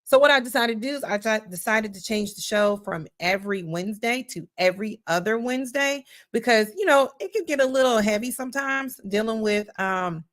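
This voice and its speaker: A woman's voice: fairly high pitch, a little fast, few pauses. Woman host, casual livestream talk, playful and folksy, calls her audience y'all, loops back on her words. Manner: chatty, folksy, repeats herself often. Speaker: podcast host. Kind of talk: casual livestream show intro.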